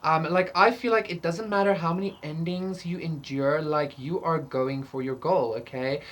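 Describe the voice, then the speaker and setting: Low-voiced and steady at a normal speed, this woman does a casual pick-a-card tarot reading. Her delivery is rambling and profane, packed with fillers and frequent laughter.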